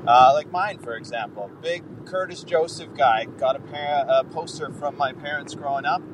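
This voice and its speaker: A man's voice: a little high, moderate pace, distant mic. Swearing male caller outside in traffic. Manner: rambling and swearing. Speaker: caller leaving a voicemail. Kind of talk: casual voicemail rant.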